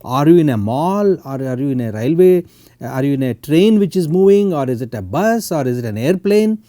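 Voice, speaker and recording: Halting Indian male lecturer, mellow lively voice. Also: on the high side, no room sound, studio quality. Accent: Indian English. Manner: halting, full of "uh" and "okay" tags. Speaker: university lecturer. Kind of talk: technical lecture. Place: lecture recording.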